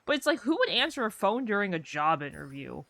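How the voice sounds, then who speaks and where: Bright-voiced young woman streamer, rambling. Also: mid-range voice, very animated, fairly quick, gravelly, no room sound. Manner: rambling storyteller, heavy use of "like". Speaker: game streamer. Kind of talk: casual chat while gaming.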